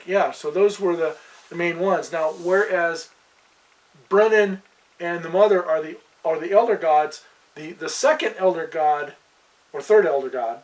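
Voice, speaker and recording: A man's voice: fairly high pitch, measured pace, far from the mic, poor audio. A man who runs a tabletop fantasy world, chatting casually on a podcast and rambling with many fillers and restarts. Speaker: game master.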